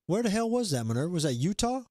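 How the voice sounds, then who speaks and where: A man's voice: high voice, sing-song, quick pace, dark tone, no room sound, studio quality. A man hosting a livestream, chatting loosely and reading out viewer comments in a rambling, self-deprecating way. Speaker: livestream host. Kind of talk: casual chat.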